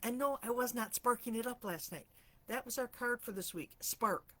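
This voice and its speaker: A woman talks in a loose, chatty way, winding through everyday stories as she hosts a live chat. Her voice sits a touch high and sounds slightly rusty, with frequent throat clearing between thoughts. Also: normal speed, bright, forceful tone. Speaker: host of a live stream for empaths.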